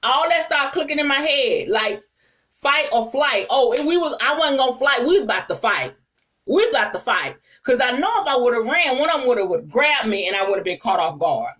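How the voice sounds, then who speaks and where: A woman apostle telling stories in a sermon, lively and conversational, speaking straight to her listeners. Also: sits high, normal speed, distant mic, rough recording. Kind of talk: storytelling sermon to a live audience.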